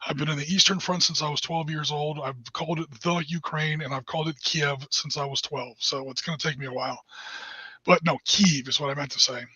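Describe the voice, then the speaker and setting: Husky, bright-toned male co-host; chatty, hesitant; dry, dull lo-fi mic. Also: on the high side, steady tone, fairly quick, dry recording. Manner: chatty, hesitant with many uhs. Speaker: podcast co-host. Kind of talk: casual podcast chat.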